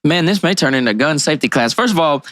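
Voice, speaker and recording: A man's voice: a little high, expressive, fast, fairly bright tone, no room sound. A man co-hosting a podcast in casual chat, explaining things in a laid-back, profane way. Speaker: podcast co-host.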